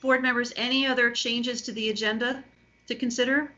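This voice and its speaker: A woman's voice: on the high side, flat delivery, fairly quick, pushed and bright. A woman chairing a remote public board meeting, polite and procedural with frequent ums. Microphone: video call. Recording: lo-fi video call audio.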